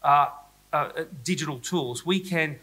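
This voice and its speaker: An Australian man speaks at a conference keynote, his voice bright and forward. He jokes with the audience and pokes fun at himself in a loose, chatty way. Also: on the high side, a little slow, rough recording. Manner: playful, self-mocking, chatty with the audience. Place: school hall, live audience.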